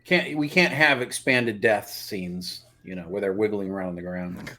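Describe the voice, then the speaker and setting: A man co-hosting a live TV review show, calmly talking through scenes as they play. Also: lowish voice, normal speed, a little hiss or hum. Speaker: podcast co-host. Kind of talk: casual livestream review chat.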